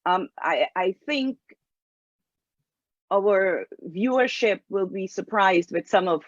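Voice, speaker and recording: Slow, careful woman host. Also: medium pitch, animated, no echo. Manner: careful, deliberate questioning. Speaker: interview host. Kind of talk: interview questions. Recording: dull lo-fi recording.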